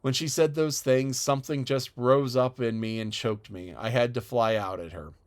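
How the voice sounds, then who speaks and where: A man's voice: medium pitch, moderate pace, close to an everyday voice. A man voicing a passionate, defiant young orphan girl in an audiobook, speaking tearfully and stubbornly. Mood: wailing. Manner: tearful, wailing, obstinate. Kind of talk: audiobook character voice.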